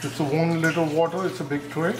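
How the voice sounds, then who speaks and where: A man's voice: a little high, steady tone, fairly quick. A man hosting a cooking video, walking through each step and repeatedly warning viewers to be careful in a home kitchen. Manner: instructive, repeats cautions, narrates each step with times. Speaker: cooking channel host. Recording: echoey room with faint noise.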